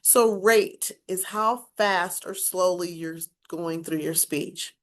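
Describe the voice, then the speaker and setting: A woman's voice: lowish voice, fairly even intonation, slow pace, fairly bright tone. A woman speech instructor giving a recorded class lecture, explaining and demonstrating points with emphatic, varied inflection.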